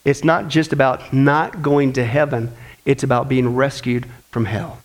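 A man's voice: medium pitch, fairly even intonation, a little slow. A man preaching a sermon during a Bible study. He speaks emphatically and keeps asking the congregation rhetorical questions.

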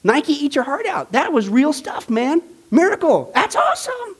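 A man teaching a Bible study class in a casual, animated way, full of jokes and enthusiasm. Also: very high voice, moderate pace. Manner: animated, joking, enthusiastic with frequent fillers. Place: church classroom.

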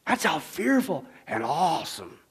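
A man preaches with great drama, his fairly high voice climbing into shouts and then dropping into hushed whispers. His pitch moves all over the place as he presses each point. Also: big pitch swings, measured pace, breathy edge. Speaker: pastor. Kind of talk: sermon.

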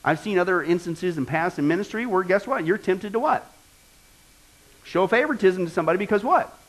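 A man's voice: high-pitched, animated, brisk, rough recording. A middle-aged male pastor preaching in a casual, storytelling way, full of rhetorical questions and asides. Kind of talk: conversational sermon.

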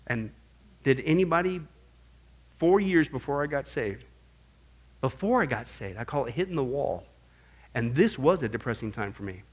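A middle-aged man teaching a Bible class in an animated sermon style, swinging from quiet asides to loud exclamations. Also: on the high side, moderate pace, husky.

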